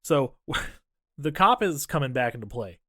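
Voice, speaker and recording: A man with a medium-pitched voice talks through a movie's plot in loose, sardonic podcast chat, swearing freely. The sound is close and dry, with no room echo. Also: big pitch swings, sharp tone. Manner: profane, sardonic recapping with quick voices for characters. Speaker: podcast co-host. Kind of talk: casual movie recap chat.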